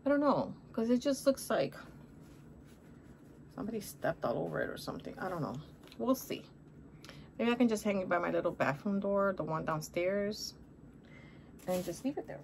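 A woman's voice: mid-range voice, a little hiss or hum. Gushing, chatty woman showing off finds. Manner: talks straight to viewers, calling them guys and honey. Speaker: haul vlogger. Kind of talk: casual shopping haul chat.

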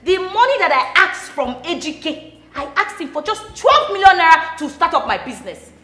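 An actress with a Nigerian accent playing a hot-tempered, scornful wealthy stepmother who mocks and scolds loudly. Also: extremely high pitch, very animated, moderate pace, full character voice. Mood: complaining. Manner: loud, mocking and scolding. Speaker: film actress. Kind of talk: Nollywood film acting. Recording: echoey room with faint music.

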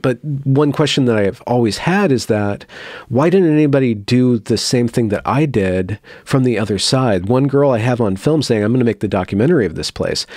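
A man's voice: medium pitch, a little mellow, dry recording, clean studio sound. A man hosting an interview, reflecting casually and at length, correcting himself as he goes. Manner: reflective, rambling, self-correcting. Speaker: interview host. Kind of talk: casual conversation.

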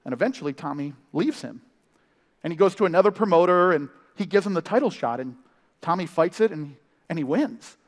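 Preaching live at church, this male family pastor tells stories with energy, tossing in fast jokes and playful impressions. The big hall gives his fairly high male voice a long, ringing reverb.

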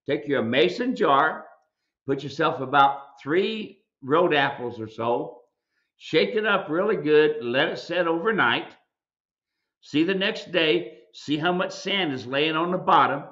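Emphatic, folksy male host lecturing on air, with a slightly high, forceful voice and dull, lo-fi audio. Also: animated, a little slow. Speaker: mule ranch owner and show host. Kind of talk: live video Q&A commentary.

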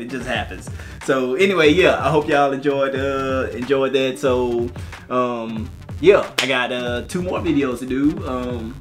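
A young man hosting a reaction video, chatting to viewers in a relaxed, rambling way with fillers. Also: mid-range voice. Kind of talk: casual chat to viewers.

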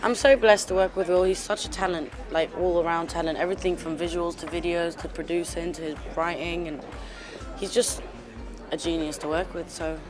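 A woman's voice: on the low side, steady tone, a little fast. Gushing young English woman. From England. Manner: gushing, filler-heavy chatter. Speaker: talent show judge. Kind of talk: casual press interview. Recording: music and crowd behind.

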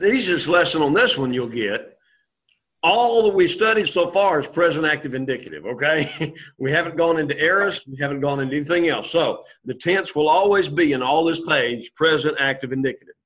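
A man's voice: a little high, a bit bright, dull audio. A man teaching a Greek class, explaining patiently and checking in with "okay?" after each point. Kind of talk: classroom lesson.

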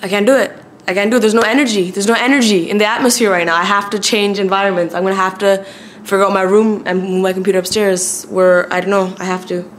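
A woman's voice: mid-range voice, steady tone, fast talker, a little hiss or hum. A young woman in her twenties talking to camera at home in a chatty, slangy daily vlog. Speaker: vlogger. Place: at home, indoors.

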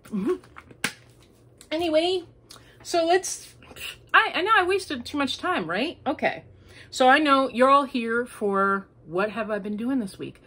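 Her voice sits high and sounds sharp and expressive as this woman hosts a homemade crafting podcast from home, speaking at a measured pace and pausing often. She rambles casually and unscripted, wandering through her thoughts with many fillers.

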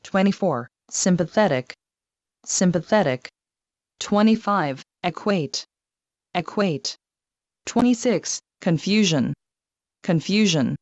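A woman reading a numbered vocabulary test, saying each word twice with pauses. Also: lowish voice, animated, darkish tone, dry recording. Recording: dull lo-fi dry recording.

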